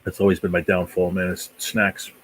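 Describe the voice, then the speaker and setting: A man's voice: sits low, flat delivery, moderate pace, breathy edge, low-quality recording. A man hosting a casual live stream, rambling easily and chatting while he eats. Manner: rambling, easygoing, talks while eating. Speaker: livestream host.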